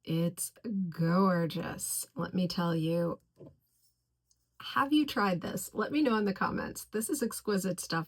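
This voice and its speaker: A woman reviewing fragrances in a casual video, gushing over each scent and slowly listing its notes. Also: lowish voice, expressive. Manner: effusive, gushing about scents; slow, deliberate listing of notes.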